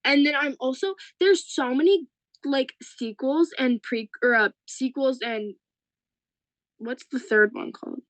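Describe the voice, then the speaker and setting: A young woman co-hosting a podcast in casual chat, excitable and chatty. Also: high voice, a little slow, dry recording, low-quality recording. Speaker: podcast co-host.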